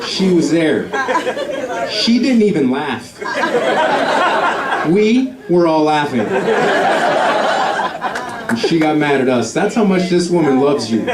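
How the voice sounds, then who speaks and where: A middle-aged man telling a family story on a comedy club stage, his voice a little high and bouncing all over as he acts out each person in it. The sound is roomy and picked up from some distance. A laughing crowd and steady club noise sit behind him. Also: measured pace, long pauses. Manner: animated storytelling, acting out voices of family members. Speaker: stand-up comedian. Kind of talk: stand-up comedy set.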